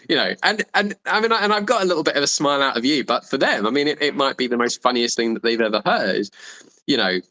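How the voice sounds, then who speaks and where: A man speaking as a coaching guest in a casual podcast conversation, rambling and animated with many restarts. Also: medium pitch, fast talker, poor audio. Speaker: dating and charisma coach guest.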